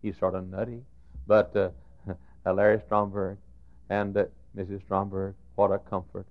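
A middle-aged preacher delivers his sermon in a lowish voice, sinking to near-whispered storytelling before bursting into shouts. The sound is muffled and lo-fi, like an old church tape recording. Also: little pitch movement, moderate pace. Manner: swings from hushed storytelling to shouted outbursts. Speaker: pastor. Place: church sanctuary.

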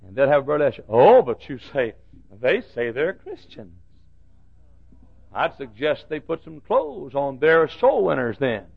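A man preaching a fiery fundamentalist sermon, swinging from hushed asides to shouted warnings. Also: fairly high pitch, very animated, moderate pace, creaky, few pauses, slightly rough. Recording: dull lo-fi old recording.

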